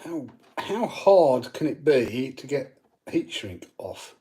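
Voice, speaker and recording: A man's voice: mid-range voice, very animated, slow, warm tone, a little hiss or hum. A man hosting a live stream, casually chatting and reading out viewer comments while he works on his gear. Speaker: channel host.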